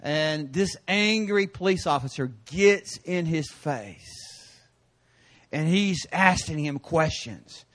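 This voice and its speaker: Middle-aged male pastor, unhurried sermon delivery, acts out the people in his stories. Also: a little high, expressive. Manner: storytelling, acts out voices with bursts of shouting.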